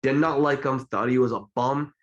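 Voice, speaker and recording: A man co-hosting a podcast, telling boxing stories in a casual, animated way with lots of fillers. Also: medium pitch, normal speed, highs cut off. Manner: animated storytelling with many fillers. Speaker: podcast co-host. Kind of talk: casual chat about boxing history.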